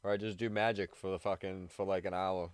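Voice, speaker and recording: A man rambling casually on a live radio show, swearing constantly, laughing often and sounding high. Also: flat delivery, fairly quick, dry recording.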